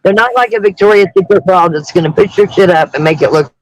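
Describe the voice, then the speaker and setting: Husky woman telling blunt, crude stories. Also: on the low side, fast talker, no echo, poor audio. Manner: blunt, crude, joking storyteller. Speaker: guest caller on a livestream. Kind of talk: casual storytelling chat. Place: in a car, driving around. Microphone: phone.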